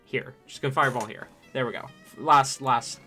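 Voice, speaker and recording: Male game master, unhurried and meandering, bright-toned voice. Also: mid-range voice, steady tone, faint music behind. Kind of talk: narrating a tabletop game.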